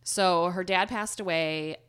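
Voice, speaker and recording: Woman, Cleveland accent, nasal, low-ish voice, casual podcast storytelling. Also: slow pace, fairly bright tone, smooth. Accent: Cleveland, Ohio. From Ohio, USA. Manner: chatty, swears casually, nasal vowels. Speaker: podcast co-host.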